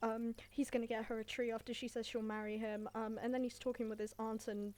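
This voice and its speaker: A woman casually recapping a film in an offhand, irreverent way, swearing and filling pauses with ums and likes. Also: fairly high pitch, flat delivery, darkish tone. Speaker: video creator summarizing a film.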